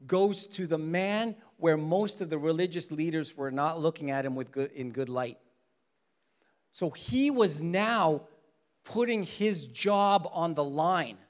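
A man with a somewhat high voice teaches from scripture in an animated sermon. He keeps it conversational and often acts out the people he quotes. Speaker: preacher.

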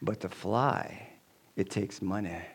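A man acting out a showy male preacher who yells to his congregation for money, then drops to a sly hush. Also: drawn-out words, breathy edge, full character voice. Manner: booming shouts, sly low hush.

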